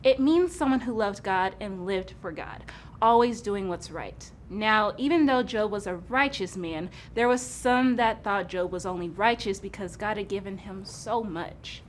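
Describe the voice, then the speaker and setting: A woman telling a Bible story to children in a patient, gently teasing manner. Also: medium pitch, measured pace, slight background noise.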